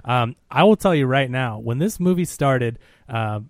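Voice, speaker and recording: A man co-hosting a casual film review podcast, talking in an animated, emphatic way. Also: medium pitch, no room sound, clean studio sound. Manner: animated, emphatic, quick to rant. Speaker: podcast co-host.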